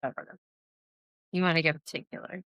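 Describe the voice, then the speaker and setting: Low-voiced woman in casual podcast chat. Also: steady tone, fairly quick, a bit bright, no room sound, lo-fi sound. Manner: reflective, gives short agreeing replies. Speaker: podcast co-host.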